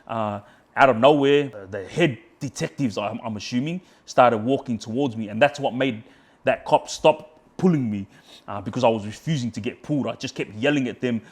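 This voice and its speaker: A man's voice: medium pitch, normal speed. Australian man telling a heated story. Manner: heated, swears a lot, re-enacts shouting in quotes; frequent fillers like yeah, bro, friggin'. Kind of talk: casual storytelling.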